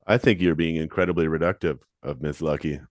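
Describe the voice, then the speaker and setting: A low-voiced man trading deadpan, mock-serious remarks in a casual podcast. His voice sits close and dry on the mic, without any room echo. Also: brisk. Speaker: podcast co-host. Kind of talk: casual chat.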